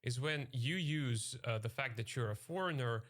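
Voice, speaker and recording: A man's voice: mid-range voice, moderate pace, fairly bright tone. A man hosting a podcast, asking questions hesitantly with many fillers and tag "yeah"s. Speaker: podcast host. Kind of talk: casual podcast interview.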